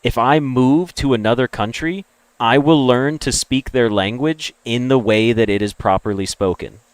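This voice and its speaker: A man's voice: medium pitch, normal speed, dry recording. Blunt, opinionated American man ranting. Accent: General American. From American Deep South. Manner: blunt, opinionated, swears freely. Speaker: streamer. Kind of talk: casual livestream rant.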